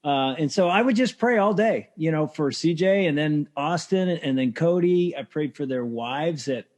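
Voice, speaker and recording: An older man with a fairly high voice for a man talks with earnest emphasis. He leans on words and repeats them to drive a point home. His delivery sounds like a pastor used to speaking. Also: lively intonation, moderate pace, a little mellow. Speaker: podcast guest, pastor. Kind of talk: interview conversation.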